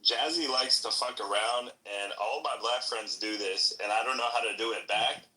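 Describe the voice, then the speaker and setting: A man with a very bright voice gives his blunt, joking take in a casual group call. His speech sounds echoey and roomy. He drops "bro" between points. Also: mid-range voice, normal speed.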